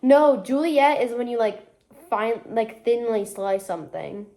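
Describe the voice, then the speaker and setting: Young woman, Michigan accent, a touch high-pitched; rambling, filler-heavy chatter while cooking at home, phone mic on the counter. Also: lively intonation, a little slow, mellow. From Michigan, USA. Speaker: vlogger. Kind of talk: casual cooking vlog chat. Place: home kitchen, indoors. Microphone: phone propped on the counter.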